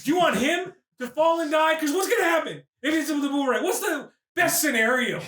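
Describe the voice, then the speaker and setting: Loud excitable high-voiced man recapping. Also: brisk, roomy sound. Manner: loud, excitable, profane, often shouting. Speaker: podcast host. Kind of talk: comedic movie recap.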